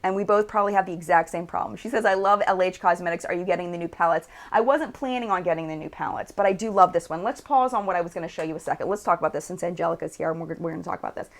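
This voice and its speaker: A woman's voice: fairly low pitch, racing, hardly any pauses. An American woman hosting a casual live chat, reading viewer comments aloud and showing makeup on camera.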